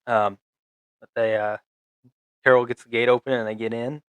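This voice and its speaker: A young man co-hosting a podcast, recapping a show in a halting, rambling way full of fillers and restarts. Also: medium pitch, little pitch movement, smooth, no room sound. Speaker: podcast co-host.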